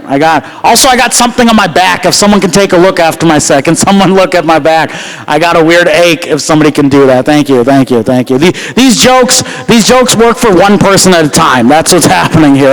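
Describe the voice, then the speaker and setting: A man from the United States performing a loud, self-mocking stand-up comedy set at a gala banquet. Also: sits high, rough recording. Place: gala banquet hall with live crowd.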